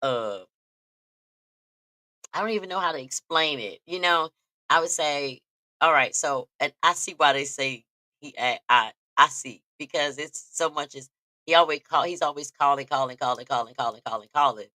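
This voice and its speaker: A woman's voice: low voice, moderate pace, bright, forceful tone, no echo. A woman hosting a casual talk show, telling stories with lots of animation and frequent laughter, talking straight to her listeners. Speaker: podcast host. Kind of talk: casual storytelling chat.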